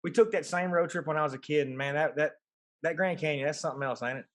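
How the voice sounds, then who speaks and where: A man co-hosting a podcast, asking friendly questions in a relaxed way. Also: a little high, fast talker. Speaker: podcast co-host. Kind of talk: casual chat.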